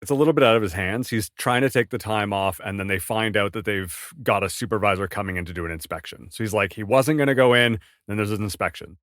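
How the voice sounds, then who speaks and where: A man co-hosting a book podcast who quickly explains plot details in casual chat. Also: on the low side, a bit bright, dry recording, clean studio sound. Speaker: podcast co-host.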